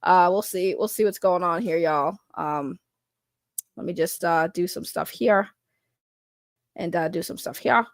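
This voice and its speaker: A woman's voice: fairly low pitch, unhurried, pauses often, dry recording, studio quality. A woman chatting casually on a live stream, greeting her chat, swearing now and then and sounding worn out from work. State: tired from work.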